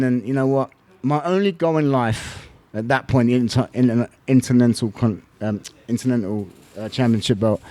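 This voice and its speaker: A man's voice: medium pitch, darkish tone. Blunt, candid man. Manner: candid, blunt, swears freely, slang-heavy. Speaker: podcast guest, former fighter. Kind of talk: emotional storytelling.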